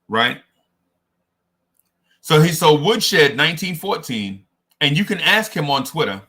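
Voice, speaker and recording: A man hosting a podcast, chatting casually about sports in an animated, digressive storytelling way. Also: on the high side, unhurried, pauses often. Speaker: podcast host.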